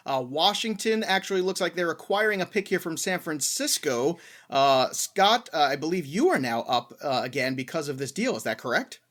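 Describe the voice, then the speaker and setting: A man's voice: on the high side, expressive, normal speed, few pauses, a bit bright. A man hosting a sports podcast, passing the draft picks between panelists in an easygoing way. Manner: easygoing, moving the draft along. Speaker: host. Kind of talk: casual sports chat.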